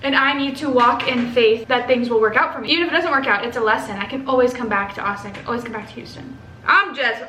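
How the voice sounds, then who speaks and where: A young woman from Texas telling a story to camera in a casual, animated way, swearing and acting out what others said. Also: high voice. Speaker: vlogger. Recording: echoey room with faint ambient noise.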